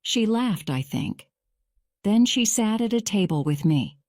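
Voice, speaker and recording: A defensive young man under questioning in a courtroom storybook, read by a woman. The voice is slow and mellow, with a dry, close sound. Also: medium pitch, sing-song, no room sound. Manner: measured, slow graded-reader delivery.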